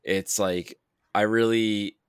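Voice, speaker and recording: Low-voiced man chatting on a podcast. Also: steady tone, slow pace, clear, resonant tone, no echo, studio quality. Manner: rambling, self-deprecating, acts out quoted friends. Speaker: podcast host. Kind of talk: casual chat.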